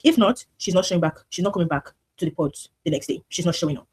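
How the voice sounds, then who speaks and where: A woman giving casual commentary on a reality show in an animated, repetitive, gossipy way. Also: on the low side, fast, husky.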